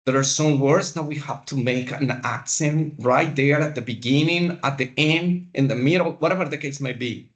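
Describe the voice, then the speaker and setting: A man teaching a class, lecturing in a slow, deliberate way with pauses. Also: fairly high pitch. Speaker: instructor.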